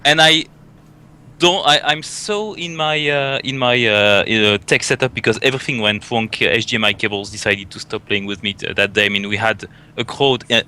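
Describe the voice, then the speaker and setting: Man, lowish voice with a bright forceful edge, chatty organizer telling stories with lots of ums and restarts. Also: moderate pace, clean tone. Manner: animated storyteller, many fillers and restarts, swears. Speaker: barcraft event organizer. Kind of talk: casual panel chat.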